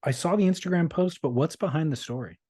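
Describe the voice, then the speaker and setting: A man's voice: a little high, quick pace, warm tone, husky. A man co-hosting a surf podcast, keeping the casual chat going with jokey, self-deprecating banter. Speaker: podcast co-host.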